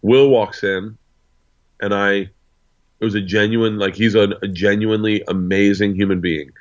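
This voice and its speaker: A man's voice: fairly low pitch, steady tone, normal speed, muffled recording. A man in his forties, a guest on an interview show, telling rambling anecdotes full of asides. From United States. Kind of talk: casual storytelling.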